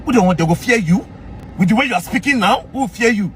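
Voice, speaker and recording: A man with a Nigerian accent, ranting in mocking commentary and often shouting. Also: high-pitched, expressive, fast talker, a little hiss or hum.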